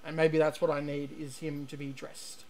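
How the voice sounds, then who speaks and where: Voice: medium pitch, flat delivery, normal speed, darkish tone, slight background noise. A game streamer giving rambling, chatty let's-play commentary, full of ums and restarts, sometimes reading on-screen text aloud.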